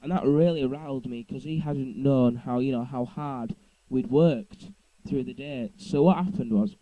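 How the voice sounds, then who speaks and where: A man's voice: mid-range voice, a little slow, dry recording, lo-fi sound. A young man telling a story to camera at home, rambling and often correcting himself. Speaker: vlogger. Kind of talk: casual storytelling. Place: indoors at home.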